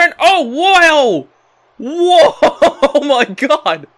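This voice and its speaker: High-pitched guy hosting a gaming channel, hyped play-by-play over a wrestling game, keeps going "ladies and gentlemen".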